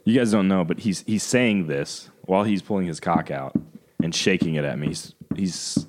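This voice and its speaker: A man's voice: deep voice, normal speed. A man co-hosting a podcast, teasing and blunt in crude casual banter. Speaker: podcast co-host.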